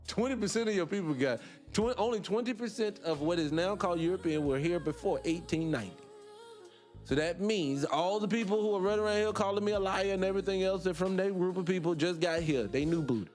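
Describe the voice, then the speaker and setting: A man's voice: high-pitched, animated, fairly quick, a little mellow, soft background music. A man hosting a livestreamed morning talk show, arguing with passion, firing rhetorical questions at his listeners and laughing between points.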